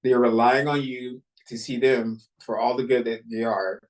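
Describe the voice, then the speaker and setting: A man's voice: medium pitch, little pitch movement, normal speed, low-quality recording. A man hosting a self-help podcast, giving an earnest, encouraging motivational talk with small restarts, speaking into a computer mic. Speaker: podcast host. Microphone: computer mic while screen sharing.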